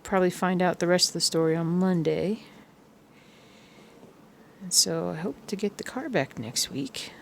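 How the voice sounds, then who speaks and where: A woman chatting casually while she stitches, rambling through everyday stories and sometimes humming or singing softly along to music. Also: on the low side, normal speed, vocal fry, long pauses, slight background noise. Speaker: cross-stitch vlogger.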